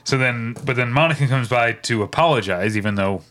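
A man's voice: mid-range voice, a little fast, a bit bright. A man co-hosting a podcast, chatting casually and recounting scenes with quoted lines and frequent laughs. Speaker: podcast co-host. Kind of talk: casual chat recapping a sitcom.

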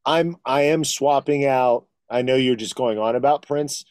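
A man co-hosting a casual podcast, chatty and quick to laugh. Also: mid-range voice, darkish tone, no echo, studio quality.

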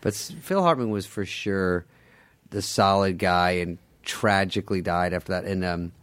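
A man telling stories in casual chat as a podcast guest, acting out other people's lines with lively changes of voice. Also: sits low, moderate pace. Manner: animated storyteller, acts out other people's lines. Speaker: podcast guest, former sketch comedy cast member.

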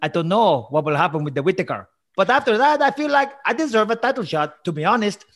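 A man's voice: high voice, big pitch swings, fast talker, fairly bright tone, voice pushed up, heavily acted. A man doing a mocking impression of a brash, boastful Italian fighter with a put-on Italian accent. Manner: mocking, exaggerated swagger.

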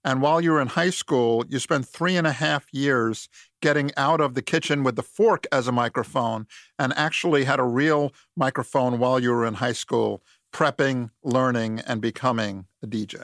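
A man's voice: medium pitch, normal speed, fairly bright tone, dry recording, studio quality. A man interviewing a guest, prompting him and laughing along. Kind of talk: interview questions.

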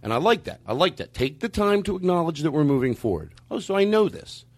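A man ranting in a heated conversation, emphatic and argumentative, sometimes rising to near-shouting. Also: a little high, very animated, brisk.

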